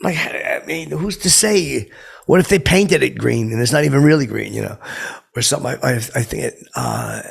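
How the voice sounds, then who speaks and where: A deeply gravelly, husky voice belongs to a boastful, clueless washed-up stand-up comic, played by a man. He rambles on, stumbling over his words and quoting his own lame jokes. His talk is loose and meandering, full of fillers. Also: very animated, normal speed, full character voice. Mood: rambling. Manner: rambling, stumbling, with many fillers and self-quotes. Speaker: character comedian telling a story. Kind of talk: improvised comic monologue.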